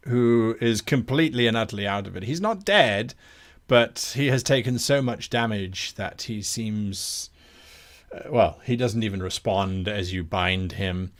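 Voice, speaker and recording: A man running a tabletop game as game master, narrating in an unhurried way with the odd chuckle. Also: on the low side.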